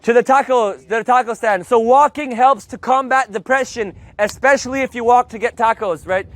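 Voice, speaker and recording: A man teaching Spanish to a live group of learners, energetic and joking, drilling words loudly for the class to repeat. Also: extremely high pitch, normal speed, no echo. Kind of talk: live group language lesson. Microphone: loudspeaker mic.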